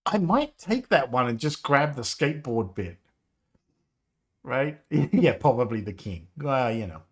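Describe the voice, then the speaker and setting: A man in his fifties chatting casually on a live stream, rambling, nostalgic and quick to laugh. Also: medium pitch, big pitch swings. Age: 50s. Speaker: game developer livestreamer.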